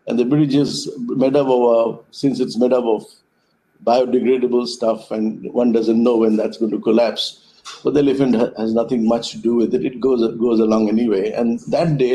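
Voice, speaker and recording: A man's voice: mid-range voice, dark tone, a little hiss or hum, poor audio. A man giving a reflective conference talk by video call, a thoughtful storyteller who speaks in metaphors. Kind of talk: reflective talk told through parables. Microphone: web conference call.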